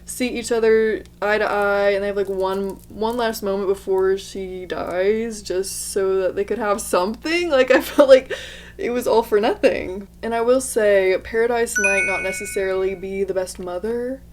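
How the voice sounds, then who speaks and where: Young woman, casual book-review chatter, lots of 'like', medium pitch. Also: normal speed. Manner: chatty, exclamatory, heavy use of 'like'.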